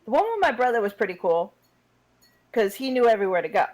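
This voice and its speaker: A woman in her forties co-hosts a radio talk show, recounting a story in brisk, casual chat. Her voice sits a little high and moves along at an easy conversational clip. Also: big pitch swings, darkish tone, low-quality recording. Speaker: radio co-host.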